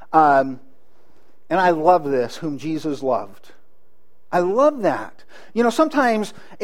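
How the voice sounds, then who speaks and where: Guy preaching, pretty high voice, earnest, lots of restarts and questions to the room. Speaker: pastor. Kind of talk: sermon.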